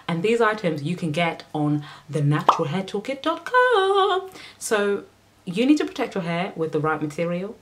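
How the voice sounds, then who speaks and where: A woman with a Caribbean accent giving hair care tips in a casual vlog, sassy and playful with shouted exclamations. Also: fairly low pitch.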